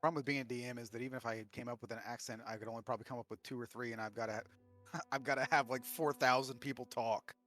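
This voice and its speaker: A man's voice: medium pitch, steady tone, fairly bright tone, soft background music. A man running a tabletop game as game master, talking bluntly and casually with his players over a voice call. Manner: casual, blunt, quick bursts. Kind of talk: casual chat between game sessions.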